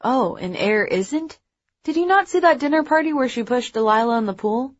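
A woman voicing a sullen teenage brother who mutters flatly, in an audiobook. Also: a little high, normal speed, no room sound, muffled recording, pitched above the performer's own voice.

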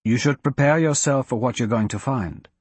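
A man reading an audiobook, voicing an ancient, cryptic male wizard who speaks in a measured, grave and blunt way. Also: medium pitch, breathy edge, dry recording, natural voice. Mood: calm. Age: older.

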